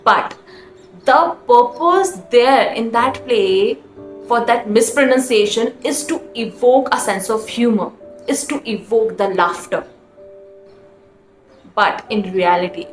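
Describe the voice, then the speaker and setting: A woman's voice: a little high, slow. A woman from India with an Indian English accent, coaching English and repeating her points earnestly while she asks the viewer questions. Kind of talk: spoken English lesson to camera. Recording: echoey room with faint music.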